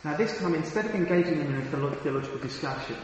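A man's voice: a little high, rapid-fire, slight background noise. Earnest preacher man in an echoing hall. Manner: earnest, emphatic, with frequent restarts and repetitions. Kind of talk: sermon. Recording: very echoey hall with long reverb.

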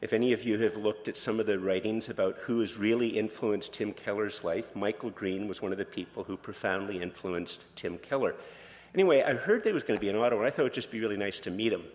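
Speaking fast in a lowish voice, a male pastor gives a conversational sermon in a church sanctuary, where a long reverb tail follows his words. He shares personal stories candidly and informally, full of fillers and restarts.

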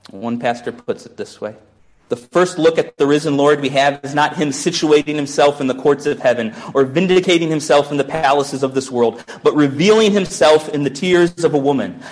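A pastor preaching a sermon in a musing, conversational way, often restarting his sentences. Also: medium pitch.

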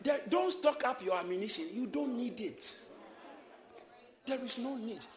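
A man preaching a sermon, shouting and exhorting his congregation in call-and-response. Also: very high-pitched, expressive, unhurried. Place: church hall with congregation. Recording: echoey church hall, crowd behind.

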